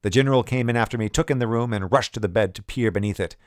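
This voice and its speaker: A man narrating a first-person adventure story in a measured, vivid reading. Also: medium pitch, no echo, clean studio sound. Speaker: audiobook narrator.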